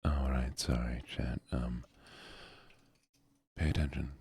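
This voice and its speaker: A man streaming a video game and chatting with his viewers, soft-spoken and goofy, close to the microphone. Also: rumbling low, steady tone, slow, breathy edge, no room sound. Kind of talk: soft-spoken gaming livestream chat.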